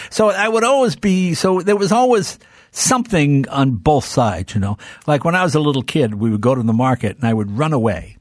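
An older man, a comedian guest, telling childhood stories in a lively way and acting out his relatives' voices. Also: on the high side, fairly quick, no echo. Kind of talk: animated storytelling with impressions.

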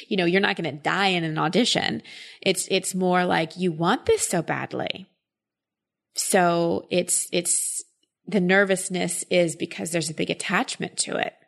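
A woman's voice: lowish voice, creaky, fairly bright tone. A woman coach giving advice in a casual chat, explaining thoughtfully with frequent filler words.

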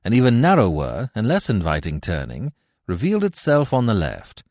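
A man giving scripted narration of a classic tale in a measured, expressive way. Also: lowish voice, dry recording, studio quality. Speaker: audiobook narrator.

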